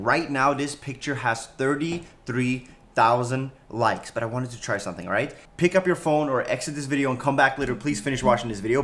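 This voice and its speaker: A man's voice: medium pitch, a bit bright. A young man from Sweden with a Swedish accent, vlogging casually in a shared house and teasing his roommates by repeating the same question over and over. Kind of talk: casual vlog talk.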